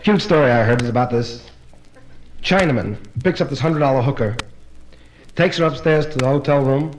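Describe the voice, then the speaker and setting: A man's voice: mid-range voice, moderate pace, a little hiss or hum, poor audio. A man performing live stand-up comedy, rattling off jokes in run-on "he says, she says" storytelling. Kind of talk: live stand-up joke telling.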